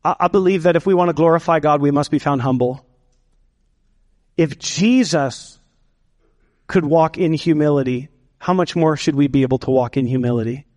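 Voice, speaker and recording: A man with a high voice preaches a sermon, his words ringing through the long reverb of a big hall. He builds emphasis with drawn-out pauses and slips in playful asides to the congregation. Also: darkish tone. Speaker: pastor.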